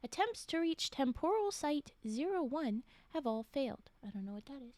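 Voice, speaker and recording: A woman's voice: high-pitched, big pitch swings, moderate pace, darkish tone, no echo. A woman streamer reading spooky stories aloud, often breaking off to chat, laugh and whisper asides. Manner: chatty, reads aloud and breaks off to react and answer chat. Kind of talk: casual live-stream story reading.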